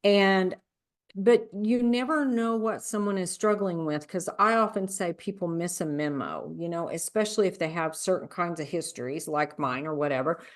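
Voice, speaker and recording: A woman with a somewhat low-pitched voice hosts a podcast in relaxed conversation. She tells personal stories earnestly and at length. Her tone turns heated when she talks about people being mocked. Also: moderate pace. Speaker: podcast host. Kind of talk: casual conversational podcast chat.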